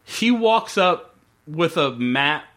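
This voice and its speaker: A man co-hosting a podcast, chatting casually about a TV episode, swearing and acting out lines of dialogue. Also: a little high. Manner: animated, swearing, acts out dialogue in quick put-on voices. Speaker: podcast co-host. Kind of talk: casual chat recapping a TV episode.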